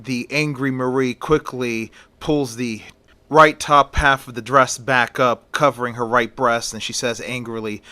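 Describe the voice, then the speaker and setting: A man narrating a horror story in a slow, plain retelling manner. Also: medium pitch, steady tone, sharp tone, clear, resonant tone, no room sound.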